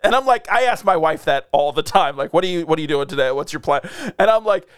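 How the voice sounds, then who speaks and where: Man, thirties, casual podcast co-host, rambling, slightly high smooth voice. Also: lively intonation, fast talker, no echo, studio quality. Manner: rambling, filler-heavy, laughs often. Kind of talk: casual chat.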